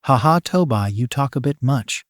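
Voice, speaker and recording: Man voicing a snappy hotheaded teen boy, irritable, dry close sound, middle pitch. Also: lively intonation, normal speed, no echo, close to an everyday voice. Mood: fake cheerful. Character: hotheaded teen male explosives fighter.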